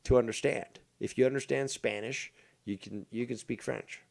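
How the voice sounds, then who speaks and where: A man's voice: medium pitch, steady tone, normal speed, creaky, darkish tone. Profane rambling man hosting a podcast. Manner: profane, rambling, rants with heavy swearing. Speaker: podcast host. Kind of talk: casual podcast chat. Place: living in Canada.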